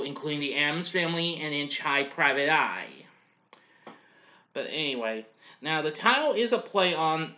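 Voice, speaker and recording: A man's voice: on the high side, bright, forceful tone. A man hosting a casual spoken review of an old cartoon, rambling along with many "well" and "anyway" asides and frequent chuckles.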